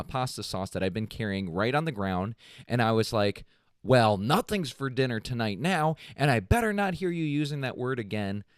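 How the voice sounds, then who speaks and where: A man's voice: mid-range voice, no echo, studio quality. A man co-hosting a comedy podcast, chatting casually and reading a post aloud, joking and laughing often. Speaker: podcast co-host.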